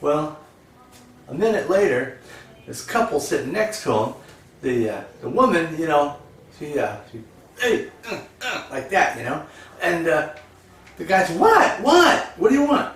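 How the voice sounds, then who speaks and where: A man's voice: a little high, lively intonation, a little slow, long pauses, a bit bright. A man casually telling old jokes in a rambling, folksy way, full of fillers. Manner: rambling, folksy, lots of "you know". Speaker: joke teller. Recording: echoey, distant, faint crowd and noise.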